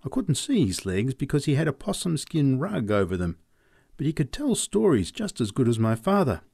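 A man reading short stories aloud in a measured storytelling manner. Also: gravelly, husky, no echo, studio quality. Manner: measured storytelling, lively pitch. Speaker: reader. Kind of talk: audiobook narration.

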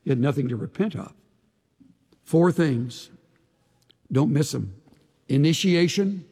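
Gravelly preacher man in a reverberant hall. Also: a little high, animated, slow pace. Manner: dramatic, swings from emphatic to hushed. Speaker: pastor. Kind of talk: sermon. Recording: long reverb of a large hall.

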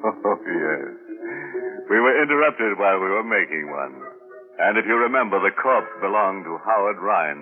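Male mystery-show host, very low voice, wry delivery, music under, tinny old radio. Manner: wry, darkly playful. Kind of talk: scripted narration.

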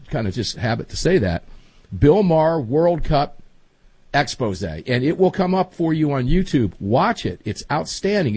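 Chatty middle-aged man, husky and lively. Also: fairly high pitch, dry recording. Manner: chatty, rambling, emphatic. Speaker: podcast host. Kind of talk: casual chat.

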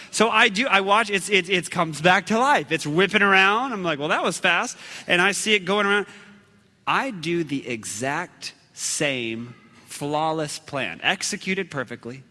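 Male preacher, high-pitched, animated storyteller, reverberant hall sound. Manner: animated, acts out shouts and quotes, laughs at himself. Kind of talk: storytelling sermon.

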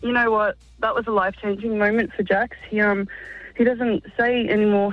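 A woman's voice: medium pitch, flat delivery, a little fast, dry recording, faint music behind. A woman calling in to a radio show, telling her story emotionally. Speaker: caller. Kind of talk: phone-in call. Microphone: telephone. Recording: dull phone line, dry.

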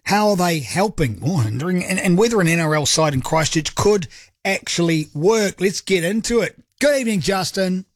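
A man's voice: high voice, expressive, normal speed, dry recording, studio quality. A man with a New Zealand accent hosting a sports talk radio show, upbeat, chatty and jokey. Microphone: studio microphone.

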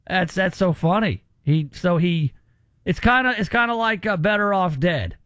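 A man's voice: sits high, expressive, normal speed, a bit bright, no room sound, clean studio sound. A man hosting a radio talk show, chatting casually and giving his opinions in a conversational way.

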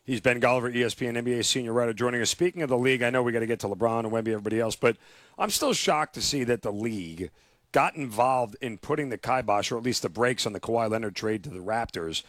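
A man's voice: medium pitch, fast, fairly bright tone, no room sound, clean studio sound. A man hosting sports radio talk, asking blunt, indignant questions. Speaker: radio host.

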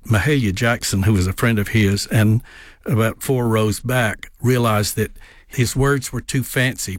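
A man is a guest on a radio interview and tells history anecdotes in an easy, rambling way. He pauses often with uh and um. His voice sits in the middle range and sounds dry and close, with no room around it. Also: medium pitch, no echo. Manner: anecdotal storyteller with frequent fillers. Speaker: guest, tourism director and author.

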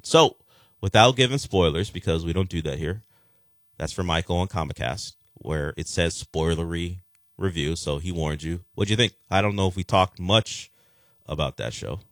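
A man's voice: low voice, fairly bright tone, no room sound, clean studio sound. A man hosting a sports talk radio show, chatting casually and rambling with frequent restarts.

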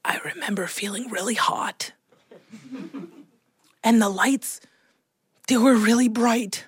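A woman from Chicago telling a personal childhood story in an expressive, animated way. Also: a little high, slow pace, long pauses, breathy edge, no room sound. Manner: expressive, animated, acts out voices.

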